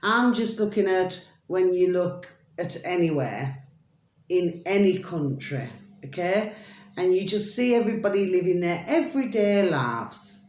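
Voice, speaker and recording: A woman's voice: on the low side, expressive, unhurried, darkish tone, roomy sound. A British woman vlogging in a rambling, chatty monologue, full of pet phrases and sing-song asides. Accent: British English. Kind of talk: rambling casual monologue to camera.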